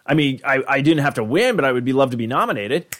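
A man's voice: mid-range voice, animated, fast talker, fairly bright tone, natural voice. A man voicing an insecure, whiny middle-aged dad with a pleading tone. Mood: hopeful.

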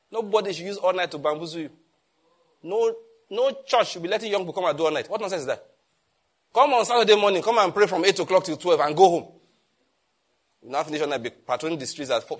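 A man preaching a sermon as pastor, animated and emphatic, often firing rhetorical questions. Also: a little high.

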